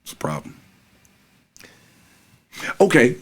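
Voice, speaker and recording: A man in his thirties hosting a podcast, talking emphatically and ribbing a friend in heated casual chat. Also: takes it slowly. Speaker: podcast host.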